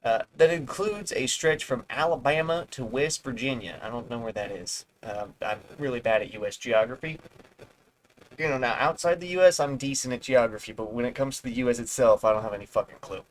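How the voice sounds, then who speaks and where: Poor audio captures a male streamer at home with a medium-pitched voice and a fairly quick pace. He reads an article out loud, tripping over words, tossing in rambling sarcastic comments, and cursing now and then.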